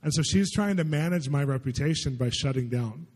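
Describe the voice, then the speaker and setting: A man's voice: fairly high pitch, brisk, darkish tone, breathy edge. A man, a pastor, telling stories in a chatty, conversational sermon full of filler words. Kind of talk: storytelling sermon. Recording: long reverb in a large hall.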